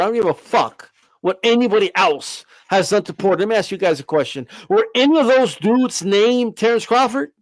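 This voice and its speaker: Brash, profane boxing host. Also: male voice, high voice, very animated, a little fast, dry recording. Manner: brash, profane, emphatic, repeats for effect. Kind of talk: livestream rant.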